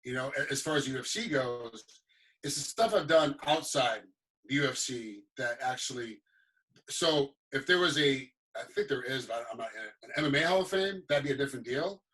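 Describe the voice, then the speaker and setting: A man's voice: mid-range voice, normal speed. A middle-aged man, a former fighter, chatting as a guest and acting out other people's voices as he tells stories. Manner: animated storyteller, acts out quoted voices. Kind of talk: casual chat.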